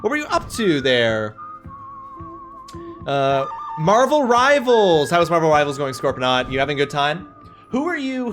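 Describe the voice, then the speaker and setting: A man streaming a video game live, chatting upbeat with viewers and thanking them energetically. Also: a little high. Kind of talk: casual live stream chat.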